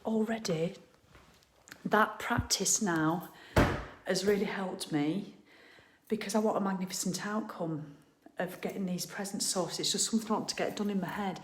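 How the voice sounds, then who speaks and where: A middle-aged woman from England chats on a live stream from her living room. She is cheerful and blunt, throws in the odd swear word, and laughs easily. Her voice sits at a middle pitch for a woman. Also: moderate pace, noisy background. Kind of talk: casual live chat.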